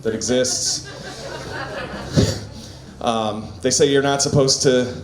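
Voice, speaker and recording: A man's voice: mid-range voice, fairly even intonation, measured pace. A man doing an open-mic stand-up set in a small bar, loose and casual, laughing at his own jokes, on a handheld mic. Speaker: stand-up comic. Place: small comedy bar stage. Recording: echoey bar room.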